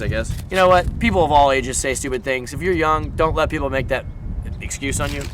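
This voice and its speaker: A young man from Southern California, a skateboarding vlogger telling stories in a chatty, animated way full of fillers. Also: medium pitch, background noise. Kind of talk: casual storytelling vlog.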